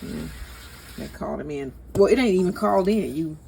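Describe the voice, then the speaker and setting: A woman's voice: sits low, expressive, fairly quick, gravelly, crowd noise. A woman with a St. Louis accent hosting a casual home cooking video, chatting to viewers as y'all and laughing at herself. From St. Louis, USA. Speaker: cooking channel host. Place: home kitchen. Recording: noisy home recording.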